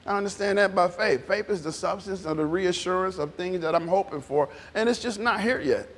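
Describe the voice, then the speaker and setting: Brief: very high-pitched male preacher, animated, chatty, long hall reverb. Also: brisk. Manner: animated, repetitive, conversational preaching. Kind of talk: informal sermon with congregation responses.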